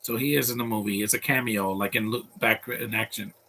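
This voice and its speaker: Man doing loose live commentary over a cartoon: gravelly tone, offhand jokes, rambling asides. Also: fairly low pitch, steady tone, brisk, sharp tone, a little hiss or hum. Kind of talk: live watch-along commentary.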